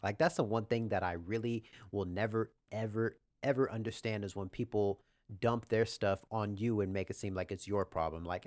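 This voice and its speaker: A young man hosting a podcast, telling a story in a casual, profane rant, saying "bro" constantly and breaking into animated outbursts. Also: fairly low pitch, moderate pace, no echo, studio quality. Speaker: podcast host.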